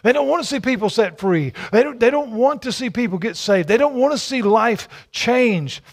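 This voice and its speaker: High-voiced preacher, emphatic and repetitive. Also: male voice, animated, moderate pace. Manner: emphatic, repetitive rhetorical preaching with stammered restarts. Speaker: pastor. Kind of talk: sermon.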